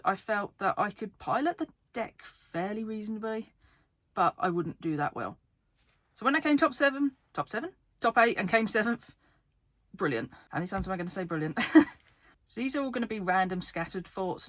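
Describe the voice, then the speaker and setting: A woman card game YouTuber from the UK, talking fast and excitedly to camera in a casual vlog, laughing often. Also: mid-range voice, dry recording. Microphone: camera facing her.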